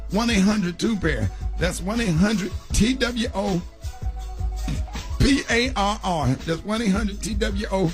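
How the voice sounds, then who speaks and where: A man's voice: high voice, takes it slowly, soft background music. A man hosting morning radio, reading an ad in a joking, mock-emotional way. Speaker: radio host. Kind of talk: comic ad read on morning radio.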